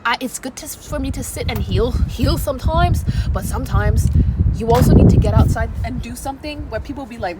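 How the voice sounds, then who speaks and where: A woman's voice: fairly high pitch, brisk. A woman YouTuber giving a playful, emphatic motivational talk on an outdoor balcony. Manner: energetic, playful, emphatic repetition. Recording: noisy outdoor ambience with traffic.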